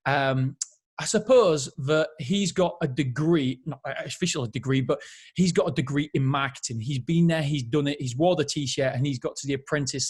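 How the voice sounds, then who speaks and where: Husky man, earnest pep talk. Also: medium pitch. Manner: earnest, addresses listeners as friends. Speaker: podcast host. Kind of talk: solo motivational podcast talk.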